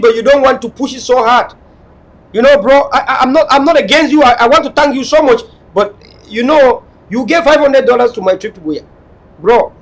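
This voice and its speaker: High-pitched man lecturing. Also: poor audio. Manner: hectoring, repetitive, lecturing. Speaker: talk show host. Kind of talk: online talk show monologue.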